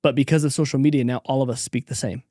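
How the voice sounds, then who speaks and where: A man hosting a podcast, enthusiastic and quick to agree, chatting casually. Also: medium pitch, steady tone, mellow, no room sound, studio quality. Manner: enthusiastic, frequent agreeing interjections. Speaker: podcast host.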